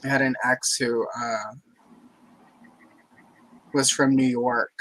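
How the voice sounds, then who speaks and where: A man's voice: medium pitch, flat delivery, slow pace, fairly bright tone, rough recording. A man from Louisiana chatting casually on a livestream, with a mostly General American accent and a Southern trace that slips out, rambling through long asides. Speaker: livestream co-host.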